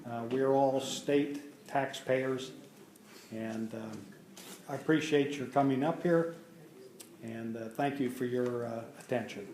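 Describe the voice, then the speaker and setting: A man giving public comment at a hearing, halting with many filler pauses. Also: medium pitch, background noise. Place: public meeting room. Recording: roomy echo of a meeting hall.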